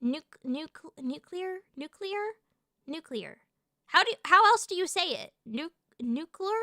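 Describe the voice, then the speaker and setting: A woman's voice: very high voice, expressive, unhurried, sharp tone, no echo, studio quality. A woman from the United States chatting on a livestream, ranting and swearing in a playfully indignant way. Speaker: streamer. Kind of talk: casual livestream chat.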